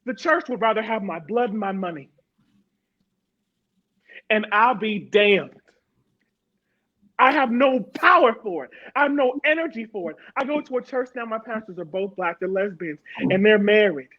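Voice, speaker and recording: A woman's voice: a little high, animated, brisk, hardly any pauses, dull audio. A woman from Harrisburg, Pennsylvania, giving a personal testimony as a panel guest, emphatic and repeating words for stress.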